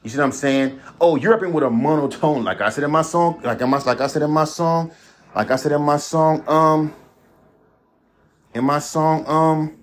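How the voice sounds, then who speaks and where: A man's voice: fairly high pitch, steady tone, moderate pace. A man hosting a podcast alone, ranting bluntly with heavy profanity and repeating himself. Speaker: podcast host. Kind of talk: solo ranting monologue.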